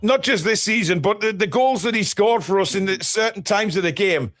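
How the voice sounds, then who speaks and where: A man hosting a live football watchalong, excitable, shouting and swearing when goals go in. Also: sits high, a little fast. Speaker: fan channel host.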